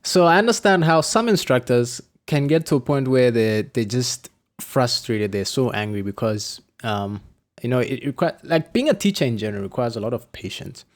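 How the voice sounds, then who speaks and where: A man hosting a casual podcast chat, telling stories with lively acted-out quotes and frequent laughs. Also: medium pitch, normal speed. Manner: animated storyteller, acts out quotes, laughs often. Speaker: podcast host and flight instructor.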